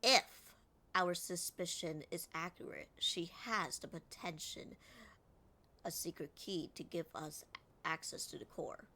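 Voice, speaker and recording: A woman's voice: lowish voice, a little slow, sharp tone, slight background noise. A woman voicing an evil game villain in her own voice, punching the first word of each line. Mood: menacing.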